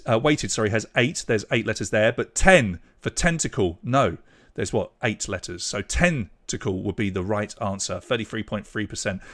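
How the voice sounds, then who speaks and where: A young British man hosting an online pub quiz, chatty and loose, reading out scores and names and trailing off when a name escapes him. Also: mid-range voice. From Britain. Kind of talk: live-streamed quiz hosting.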